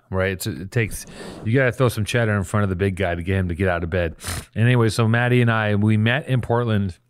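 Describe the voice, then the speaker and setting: A man hosting a comedy podcast, rambling through jokes and stories with mock-hype shouts. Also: on the low side, clean tone, no room sound, studio quality. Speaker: podcast host.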